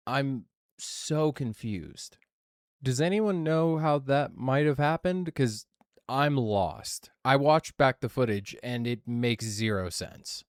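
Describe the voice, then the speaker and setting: Brief: male gaming narrator, casual and self-mocking, mid pitch, dead-dry close mic. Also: slow pace, smooth, no echo. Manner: wry, self-deprecating, casually profane. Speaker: gaming channel host. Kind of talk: casual gameplay voice-over narration.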